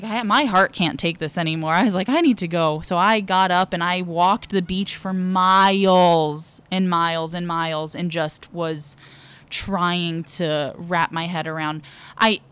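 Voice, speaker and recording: A woman's voice: fairly low pitch, fairly bright tone, clean tone. A woman guest on a podcast, telling a personal story frankly and vividly, holding nothing back.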